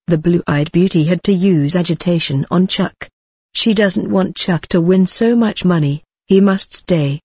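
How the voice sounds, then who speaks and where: A woman reading a novel aloud in an even, unhurried way with little expression. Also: lowish voice, slightly rough, dry recording, clean studio sound. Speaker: narrator. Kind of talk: scripted narration of a translated web novel.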